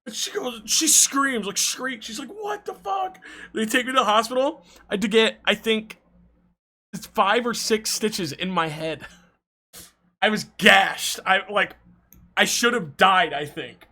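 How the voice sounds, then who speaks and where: A young adult man streaming, telling stories to his chat in an animated, laughing way with frequent swearing. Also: high voice, measured pace. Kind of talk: casual storytelling to chat.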